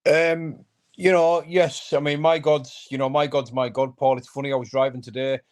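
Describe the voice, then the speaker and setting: A man speaks as a guest on a live chat. He is a fighter and talks in an intense, fired-up, sweary way. His voice sits in a middle pitch. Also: flat delivery, moderate pace. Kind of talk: casual live-stream chat.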